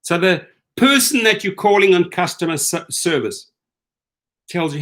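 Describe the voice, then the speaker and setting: Middle-aged male host, slightly high voice, ranting casual commentary, animated and incredulous. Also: moderate pace. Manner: animated, incredulous, acts out quoted lines.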